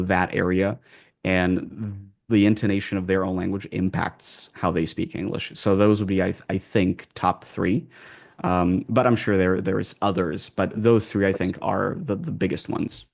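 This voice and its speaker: A man's voice: low voice, flat delivery, normal speed, vocal fry. A man with an American accent, working as an accent coach, answering interview questions in a loose, conversational way full of fillers and restarts.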